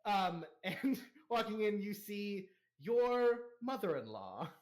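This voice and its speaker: A man's voice: sits high, expressive, takes it slowly. A young man narrating as game master, rambling with fillers and laughter.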